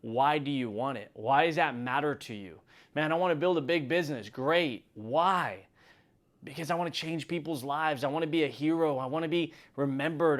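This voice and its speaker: A middle-aged man giving an emphatic motivational talk as the host, building from calm reflection to near shouting. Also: a little high. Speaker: motivational speaker.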